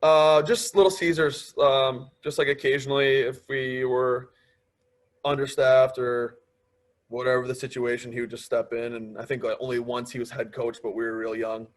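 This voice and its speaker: A man's voice: mid-range voice, normal speed. A man in his twenties, a guest on a podcast, chatting casually and telling stories, often acting out what others said to him. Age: 20s. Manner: storytelling, quoting others in lively asides. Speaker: podcast guest, pro hockey player. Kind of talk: casual interview chat.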